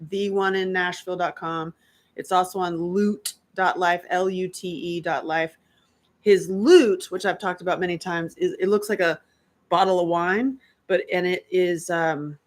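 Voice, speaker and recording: A chatty woman talks loosely and rambles, her voice sitting a little low. She laughs often as she goes. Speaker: host. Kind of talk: casual chat.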